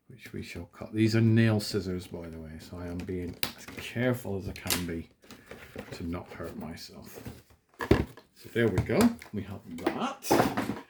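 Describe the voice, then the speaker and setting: A man's voice: deep voice, a little mellow, slight background noise. A man hosting a toy unboxing in a casual, chatty way, poking fun at himself as he works in his small home office. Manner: chatty, self-deprecating, talks while working with his hands.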